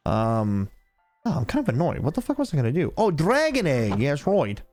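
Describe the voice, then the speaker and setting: Young guy streamer rambling and cussing a lot, pitch jumps all over, faint music behind. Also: huge pitch swings, moderate pace, a little mellow. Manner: rambling, heavy swearing. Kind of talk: casual chat while gaming.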